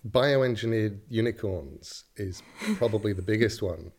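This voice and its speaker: A middle-aged man chatting as a comedic guest, rambling with dry asides and quiet chuckles. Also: on the low side, measured pace. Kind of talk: improvised comedy chat.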